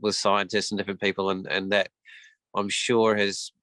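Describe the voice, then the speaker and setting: A man's voice: lowish voice, level tone, normal speed, fairly bright tone, no echo, poor audio. A man hosting a photography podcast, asking long, meandering questions with many restarts. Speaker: podcast host. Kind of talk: interview questions.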